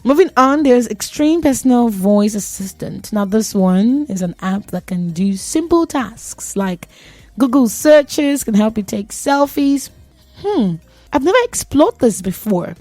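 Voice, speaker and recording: A woman's voice: a little high, animated, a little slow, warm tone, no echo. Chatty woman radio host. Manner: chatty, joking, laughs at herself. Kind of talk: casual tech talk on radio.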